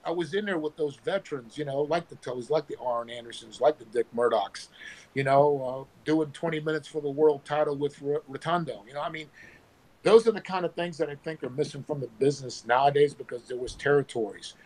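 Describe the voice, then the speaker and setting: A former pro wrestler telling animated stories with sound effects, talking on his phone from work. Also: on the high side, brisk, low-quality recording. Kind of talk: casual storytelling.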